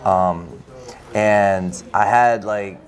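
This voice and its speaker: A man with a fairly low voice tells a personal story to an interviewer at a bookstore event. He is animated and loose, stacking "like" fillers as he goes. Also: very slow. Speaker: author. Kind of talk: casual anecdote in an interview.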